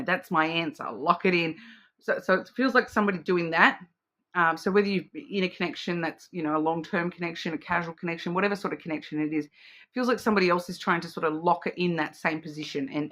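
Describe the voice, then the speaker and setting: A woman's voice: fairly low pitch, fairly even intonation, fast, a bit bright. A woman giving a casual, rambling card reading to camera, full of fillers and restarts. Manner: chatty and rambling, with frequent fillers, self-restarts and laughs; acts out playful quoted voices. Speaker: card reader.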